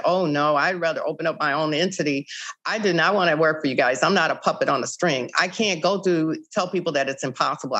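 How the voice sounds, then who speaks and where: An older woman, founder of a child-recovery group, telling stories in an interview and acting out old conversations with many "you know" asides. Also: deep voice. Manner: animated, acts out past conversations. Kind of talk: interview storytelling.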